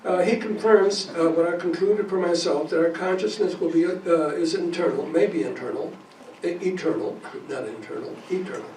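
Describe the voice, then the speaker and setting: A man's voice: on the high side, normal speed, few pauses, darkish tone. A man giving a talk to a support group, reading quotes aloud and correcting small slips as he goes. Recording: echoey room, mic far off, faint noise.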